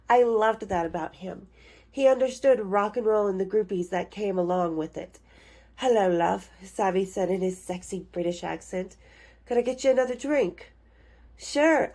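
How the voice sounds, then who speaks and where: A woman in her fifties reads from her memoir in a warm, mellow voice. She is frank and playful, stepping out of the text now and then to chat with her listeners. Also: on the low side. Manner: frank, playful, breaks off to talk to viewers. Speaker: author reading her memoir. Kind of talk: memoir reading with chatty asides.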